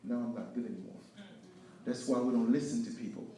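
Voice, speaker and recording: A man telling his story of failure and faith as a speaker at an event, preaching with lively swings between loud and hushed. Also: medium pitch, fast talker, heavy background noise. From Haiti. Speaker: guest speaker. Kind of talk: inspirational testimony talk. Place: event hall with live audience. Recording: echoey hall, picked up from far off.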